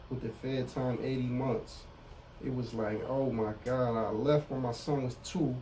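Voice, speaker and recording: A man's voice: mid-range voice, dark tone, far from the mic, slight background noise, rough recording. A middle-aged man speaking candidly as an interview guest in street slang, often saying "you know what I'm saying". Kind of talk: casual interview about prison time.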